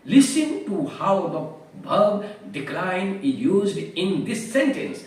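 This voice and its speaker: A man teaching English vocabulary at a slow, deliberate pace, his high voice rising and falling widely. He explains each word with careful examples. He sits far from the mic in a strongly echoing room. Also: very animated.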